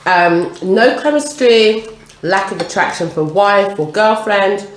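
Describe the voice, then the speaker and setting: A woman's voice: mid-range voice, slow pace. A woman hosting an eating vlog, chatting casually and leading the talk with questions. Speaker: vlog host. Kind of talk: casual chat while eating. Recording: roomy echo, faint noise.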